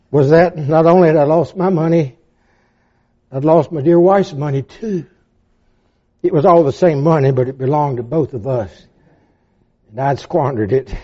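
An older man delivers a sermon with dramatic swings, sinking to near-whispers before climbing into fervent, high-pitched pleading. His voice sits a little high for a man. The recording sounds dull and lo-fi. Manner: dramatic, swinging from hushed to impassioned. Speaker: preacher.

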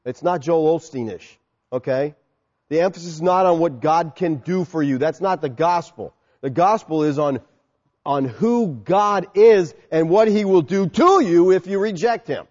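A man's voice: a little high, normal speed, darkish tone, in a large hall, lo-fi sound. A man preaching a sermon, emphatic, asking the congregation questions and answering them himself.

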